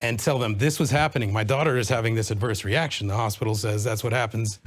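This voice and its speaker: A man's voice: mid-range voice, quick pace. A man appears as a guest and tells his own account earnestly. He halts often and leans on fillers, speaking in an ordinary mid-range voice. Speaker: guest parent. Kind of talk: personal account in a talk show.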